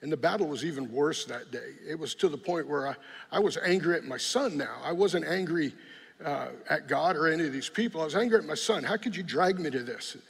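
Middle-aged guy telling his story, gravelly and kinda husky, big echoey hall. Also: a little high, fairly quick. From San Jose, California. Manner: earnest, plainspoken, with frequent restarts. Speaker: guest giving testimony. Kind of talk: personal testimony. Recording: long echoey hall reverb.

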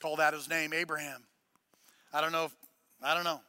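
A male pastor with a high, very bright and forceful voice. He preaches in a loose, joking way and then builds to loud, emphatic points. The sound is dry and close, with little room echo. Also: little pitch movement, brisk, clean tone. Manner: casual, joking asides between preaching. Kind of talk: sermon.

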